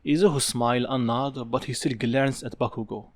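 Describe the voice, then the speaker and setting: A man's voice: medium pitch, steady tone, moderate pace. A man narrating a fan story in a casual, offhand way. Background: background music.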